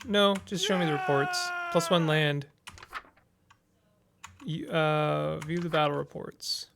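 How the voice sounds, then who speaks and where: A man's voice: fairly high pitch, steady tone, slow pace, creaky, music in the background. A man casually commenting as he plays a text-based strategy game, reading its text aloud and thinking through his moves with small hesitations.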